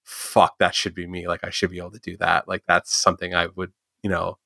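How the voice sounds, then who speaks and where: A man with a very low, gravelly voice talks fast in a loose, rambling chat, filling every sentence with "like" and casual swearing. His tone is bright and forceful, and the sound is dry and close. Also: monotone, no echo. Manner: rambling, swears often, heavy use of "like". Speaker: drummer and comic artist.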